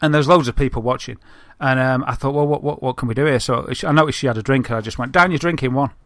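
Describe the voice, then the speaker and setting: A man's voice: medium pitch, fairly even intonation, rapid-fire, no echo. Chatty northern English man, dry sound. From Northern England. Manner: chatty, rambling storyteller with many fillers. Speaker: podcast co-host. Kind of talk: casual chat.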